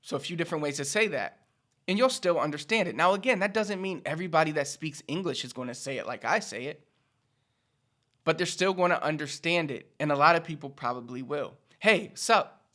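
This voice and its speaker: This language teacher and channel host speaks in a fairly high, animated voice with a fairly bright quality. Talking to the camera in a relaxed video lesson, he keeps things chatty, goes over his points again and again, and mimics fast informal speech.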